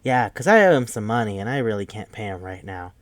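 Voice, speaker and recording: A man's voice: on the low side, animated, quick pace, no echo, natural voice. A man voicing a confused elderly woman who rambles in bewilderment.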